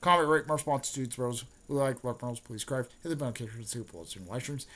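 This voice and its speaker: A man's voice: medium pitch, fast, fairly bright tone, a little hiss or hum. Young guy rambling through a plot recap, tons of "um" and "mostly". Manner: rambling with many fillers. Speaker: YouTuber. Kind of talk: casual plot retelling.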